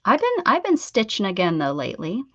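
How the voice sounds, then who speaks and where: Speaking fairly quickly with huge pitch swings, a middle-aged American woman chats with viewers on her craft stream. Her mid-range voice rambles with restarts and laughter, recorded in dull, dry lo-fi sound with no room echo.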